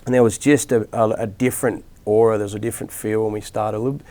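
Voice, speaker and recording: A man's voice: on the low side, fairly even intonation, quick pace, mellow. A middle-aged Australian man, a rugby league coach, telling rambling stories in a casual interview with lots of restarts and fillers.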